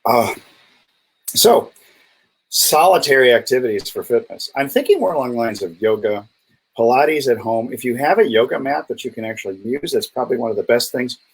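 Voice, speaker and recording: A man's voice: expressive, a little fast, slightly rough, poor audio. A man co-hosting a casual live health chat over a video call, playful and teasing. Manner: playful, teasing, jumps high in pitch when joking. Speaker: co-host, doctor.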